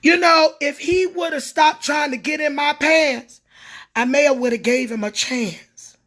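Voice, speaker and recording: Fiery middle-aged woman preacher, bright and high, cussing in a livestream rant. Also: steady tone, measured pace. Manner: profane, confrontational, preacher-like cadence. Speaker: prophetess.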